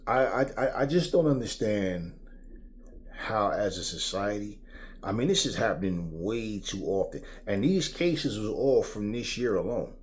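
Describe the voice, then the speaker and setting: A man's voice: fairly low pitch, unhurried. Middle aged dude ranting on his vlog, cussing a lot, kinda all over the place. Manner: profane, rambling, animated, slips into impressions. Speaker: vlog host. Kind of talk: opinionated rant.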